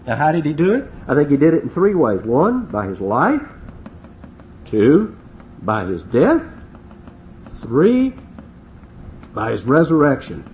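A man's voice: fairly high pitch, a little mellow, highs cut off, slight background noise. A man preaching a sermon, asking rhetorical questions and acting out quotes. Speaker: pastor.

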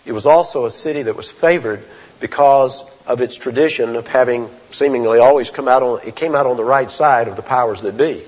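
A man preaching a sermon as a pastor, earnest and deliberate, often restarting his phrases. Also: medium pitch, darkish tone. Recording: dull lo-fi sound with long hall reverb.

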